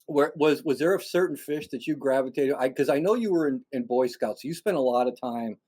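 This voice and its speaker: A man's voice: mid-range voice, brisk, darkish tone, breathy edge. A man hosting an outdoors show, chatting with a guest enthusiastically with many restarts. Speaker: show host. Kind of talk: casual interview chat.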